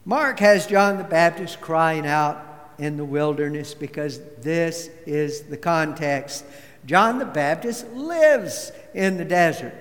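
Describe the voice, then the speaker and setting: Slow, high-voiced preacher. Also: male voice, a bit bright. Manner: measured, deliberate preaching with storytelling. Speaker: pastor. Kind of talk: sermon. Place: church sanctuary. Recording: long church reverb.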